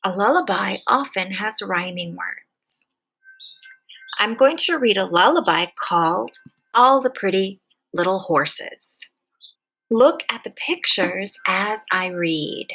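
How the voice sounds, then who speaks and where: A woman kindergarten teacher leading a slow, patient phonics lesson, stretching out each letter sound clearly. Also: mid-range voice, lively intonation, fairly bright tone, poor audio.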